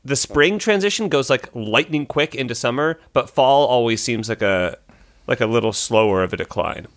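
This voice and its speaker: A man's voice: medium pitch, animated, normal speed, dry recording. A man appearing as a guest on a podcast over a video call, chatting in an easygoing, friendly way. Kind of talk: casual chat. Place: home, remote video call.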